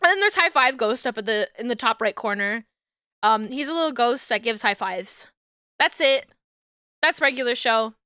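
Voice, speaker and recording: A woman's voice: on the high side, expressive, normal speed, pushed and bright, clear, resonant tone, no room sound, clean studio sound. A young adult woman streamer chatting casually, rambling, swearing freely and laughing often. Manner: giggly, profane, rambling.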